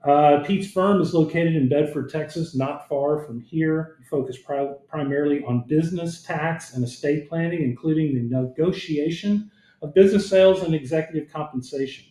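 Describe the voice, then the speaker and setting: A man's voice: fairly high pitch, moderate pace, mellow. A man hosting a podcast, chatting in a friendly, conversational way and reading out his guest's background. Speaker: podcast host. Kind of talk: casual podcast interview. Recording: roomy echo.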